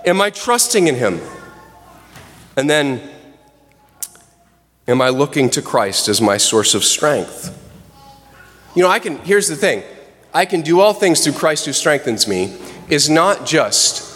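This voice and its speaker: A man's voice: a little high, very animated, fairly bright tone. Preaching man in an echoing hall. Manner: conversational, asks the congregation direct questions; slows down for emphasis. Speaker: pastor. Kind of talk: sermon.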